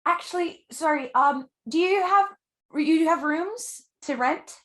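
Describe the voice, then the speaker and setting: A playful woman player at a tabletop game, her voice sitting fairly high. She jumps in fast, repeats herself and restarts sentences. The tone is loose and joking. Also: fairly bright tone, echoey room. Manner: playful, quick, stumbling restarts. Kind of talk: tabletop role-play chat.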